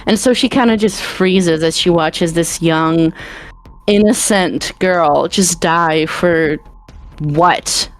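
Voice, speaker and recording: A woman's voice: lowish voice, takes it slowly. A woman playing a tabletop game, describing her character's feelings in a hesitant, thoughtful way. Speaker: player.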